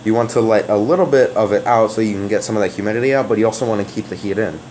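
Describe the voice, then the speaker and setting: Man, lowish sonorous voice, casual off-camera explainer, halting and full of restarts. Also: a little mellow, a little hiss or hum, low-quality recording. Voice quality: open, sonorous voice. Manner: rambling and hesitant, with many fillers and restarts. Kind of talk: casual spoken explanation to a viewer. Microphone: off-camera voice recording.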